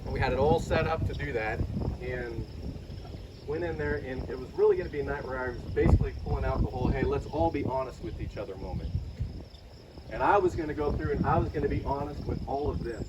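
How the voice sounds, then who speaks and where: A man's voice: medium pitch, fast talker, lo-fi sound. A middle-aged man preaching a sermon, telling a personal story in a conversational way. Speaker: pastor. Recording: distant mic, loud outdoor noise with insects.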